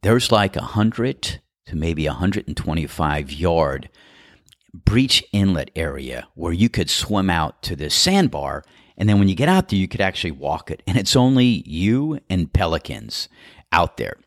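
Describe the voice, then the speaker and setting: A man's voice: deep voice, very animated, unhurried, no room sound, clean studio sound. A man hosting a podcast, casually telling anecdotes and laughing often as he goes. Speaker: podcast host. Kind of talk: casual storytelling monologue.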